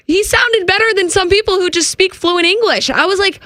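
A woman sports TV reporter chatting on a radio show, telling an animated story with laughter. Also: extremely high pitch, brisk, hardly any pauses, dry recording. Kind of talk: casual radio chat, storytelling.

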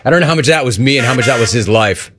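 Animated ranting radio host, a man. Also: mid-range voice, very fast, noisy background. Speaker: radio call-in show host. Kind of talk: talk radio rant.

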